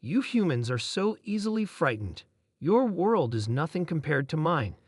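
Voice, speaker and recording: A mocking alien warrior, read by a man who taunts with scorn. The pitch rises and falls a lot, and the sound is dry and close. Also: sing-song, normal speed, breathy edge, no room sound. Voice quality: harsh growling laugh in the text.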